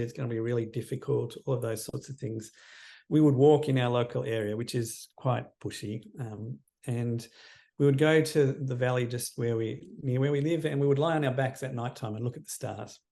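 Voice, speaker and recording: A man in his fifties speaks as a guest in an interview, his voice gravelly with a warm, mellow tone. He talks in an earnest, reflective way and lets his sentences drift down into quiet endings. The pitch sits at an ordinary middle height for a man. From Australia. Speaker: counsellor as podcast guest. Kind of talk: personal storytelling in interview.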